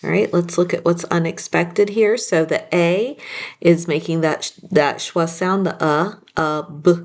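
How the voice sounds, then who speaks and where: Woman, phonics teacher, slow patient delivery, lowish voice, sounds words out. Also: steady tone, a little mellow. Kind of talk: phonics spelling lesson.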